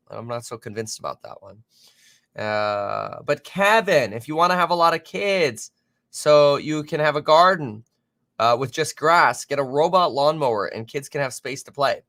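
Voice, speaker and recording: A man's voice: medium pitch, fairly bright tone, no room sound. A man hosting a live market commentary stream, talking off the cuff with many fillers and self-corrections as he reacts to headlines and viewer comments. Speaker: finance livestream host.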